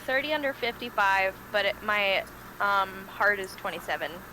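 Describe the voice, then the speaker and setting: A woman's voice: medium pitch, expressive, moderate pace, sharp tone, a little hiss or hum, poor audio. A woman playing a tabletop game, describing her character in a chatty way full of fillers. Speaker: player. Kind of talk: casual tabletop play.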